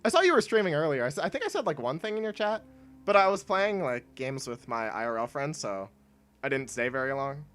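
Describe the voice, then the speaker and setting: A man's voice: a little high, very animated, fairly quick, a bit bright. A young man chatting casually while streaming a video game, rambling with lots of fillers and laughing often. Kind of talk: casual gameplay stream chat.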